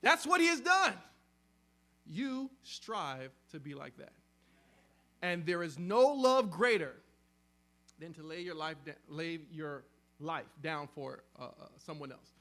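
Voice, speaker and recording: A male pastor preaching a sermon, emphatic, with sudden swings between loud stressed words and soft drops, often repeating and restarting phrases. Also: fairly high pitch, lively intonation, slow pace, pauses often.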